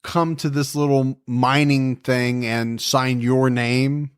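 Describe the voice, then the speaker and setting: A man of middle pitch recounts a true-crime case for a podcast. He talks casually and slips in jokes as he goes. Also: flat delivery, slow, smooth. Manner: jokey, conversational storytelling with asides. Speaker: podcast co-host.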